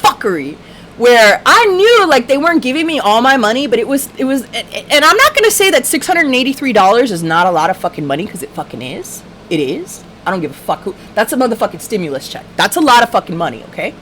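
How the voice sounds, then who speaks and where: A woman's voice: fairly high pitch, big pitch swings, quick pace, fairly bright tone, slight background noise. A woman hosting a livestream, telling a story in a casual, profane, ranting way. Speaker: livestream host.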